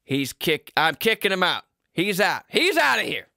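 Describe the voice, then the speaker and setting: A man's voice: a little high, expressive, slow pace, bright, forceful tone, no echo, clean studio sound, full character voice. A man voicing a stern old-fashioned father who scolds bluntly with folksy rural phrasing. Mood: ranting.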